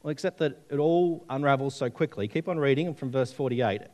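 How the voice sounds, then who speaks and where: This man preaches briskly, his mid-range voice darkish in tone, weaving stories into the sermon and chatting with the congregation through questions.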